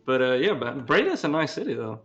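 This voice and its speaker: Man, laid-back, jokey, mid pitch, muffled lo-fi sound. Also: very animated, quick pace, a crowd in the background. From Sweden. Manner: laid-back, joking, swears freely. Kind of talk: casual chat.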